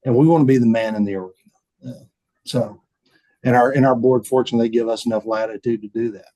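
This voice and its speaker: A man, a bank chief telling stories in a relaxed interview, folksy and often repeating words as he acts out quotes. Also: mid-range voice, fast, dry recording, rough recording. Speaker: bank CEO, podcast guest. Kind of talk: casual storytelling interview.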